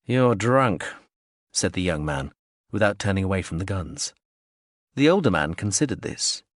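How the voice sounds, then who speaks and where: In a low-sitting voice, a man gives measured, expressive scripted narration of a science-fiction audiobook. The studio sound is clean, without any echo.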